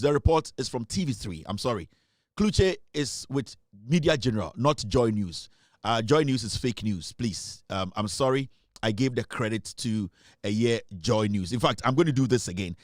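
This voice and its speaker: A man with a Ghanaian accent gives loose political commentary at a mid pitch, stopping often for ums and uhs and coming back to the same slogans. The room is very dry and close, with no echo. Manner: many fillers, repeats slogans. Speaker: online show host.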